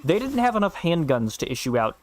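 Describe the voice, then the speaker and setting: A man's voice: a little high, very animated, fairly quick. Blunt, foul-mouthed man streaming. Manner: blunt, profane storytelling. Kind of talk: casual chat while gaming.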